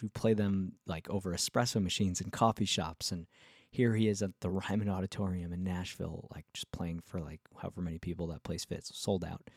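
A male musician vlogger telling a casual story in a rambling, excitable way, full of fillers and restarts. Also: fairly low pitch, no echo, studio quality.

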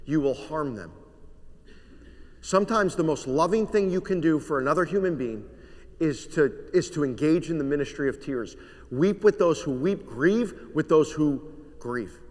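A male pastor preaching a sermon in earnest tones, dropping to a hush on solemn lines. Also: a little high. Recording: long hall reverb.

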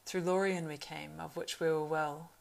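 A woman's voice: low voice, steady tone, moderate pace, vocal fry. A woman reading a solemn, weary ranger lord. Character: grave, weary male ranger leader. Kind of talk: audiobook reading.

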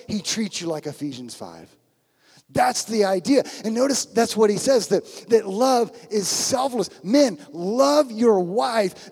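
A man's voice: high-pitched, a little mellow, breathy edge, in a large hall. A male pastor preaching a sermon on marriage to his church, emphatic and direct, with rhetorical questions and mock quotes.

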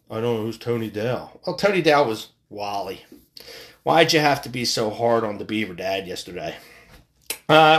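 A man's voice: medium pitch, fairly bright tone. A middle-aged man hosting a solo podcast, ranting in a profane, rambling way with frequent restarts. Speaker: podcast host.

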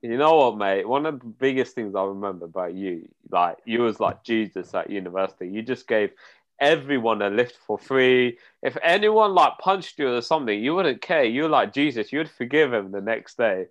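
A young man bantering excitedly and teasing on a casual podcast. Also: mid-range voice, normal speed, dull audio. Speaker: podcast co-host.

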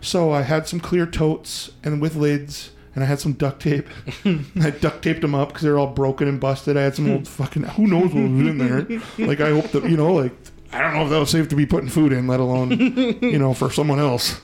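Animated, profane man telling a story. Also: on the high side, a little fast. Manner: profane, animated, acts out quoted voices. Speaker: podcast host. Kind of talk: casual storytelling.

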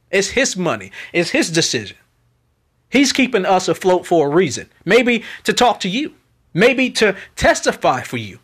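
Man, high voice, podcast host, unfiltered monologue, preachy, repetitive, pleading. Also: a bit bright, slightly rough. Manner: pleading for support.

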